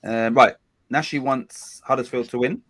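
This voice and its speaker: A man in the middle of his pitch range hosts a casual football watch-along stream. He talks in a loose, rambling way, with frequent self-corrections, and keeps the chat going with his viewers. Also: steady tone, normal speed, fairly bright tone, a little hiss or hum. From England.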